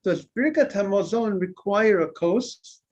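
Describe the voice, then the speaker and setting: High-voiced rabbi teaching a Talmud class. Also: male voice, measured pace, a little mellow. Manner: repeats words, asks students questions and answers them. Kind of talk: informal Talmud lesson. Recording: dull lo-fi recording.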